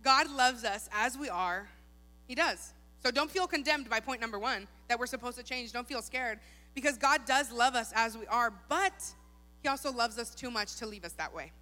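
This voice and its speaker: A woman's voice: a little high, moderate pace, pushed and bright, soft background music. A young woman preaching a sermon in a church hall, casual and chatty. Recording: long hall reverb.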